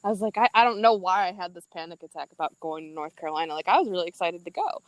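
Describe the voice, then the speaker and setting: A young woman guest in a casual chat, telling stories with lively energy and frequent laughter. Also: fairly low pitch, racing, dry recording, low-quality recording. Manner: laughing, animated storyteller.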